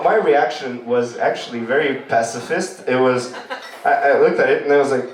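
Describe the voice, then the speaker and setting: A man's voice: medium pitch, moderate pace. A man from Romania, doing stand-up comedy on a club stage in a loose, rambling storytelling way. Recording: echoey room, distant mic.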